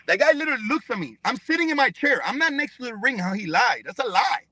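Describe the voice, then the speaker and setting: A man's voice: very high-pitched, big pitch swings, quick pace, hardly any pauses, bright, forceful tone. A man, a professional fighter guest on a podcast, talking heatedly in a blunt, profane, emphatic way. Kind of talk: heated interview talk.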